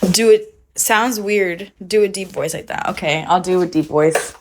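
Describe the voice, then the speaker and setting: A woman's voice: on the low side, moderate pace, a little hiss or hum, poor audio. A young woman from the United States, chatting casually on a phone livestream at home, giggly and freely swearing.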